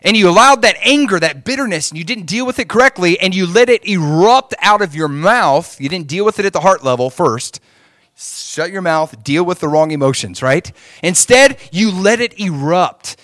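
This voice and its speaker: A man preaching a sermon, moving between hushed asides and emphatic points and often checking in with the congregation. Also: high voice, animated, moderate pace, no room sound, studio quality. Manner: asks the crowd for agreement often. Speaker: pastor.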